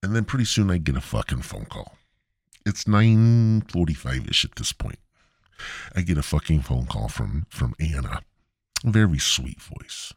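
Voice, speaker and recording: A man with a very deep, husky voice rants through a comedic story, swearing constantly. His pitch swings widely as he plays up mock outrage. The recording is dry and close. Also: sing-song, a little slow, pauses often, no echo. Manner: profane, heavy swearing. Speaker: podcast host.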